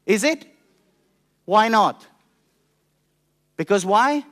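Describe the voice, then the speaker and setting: A man preaching a family church service, his voice sitting high and swinging widely in pitch. He speaks with passion and keeps putting questions to the congregation. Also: expressive, slow pace, pauses often, a bit bright. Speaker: pastor. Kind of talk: sermon.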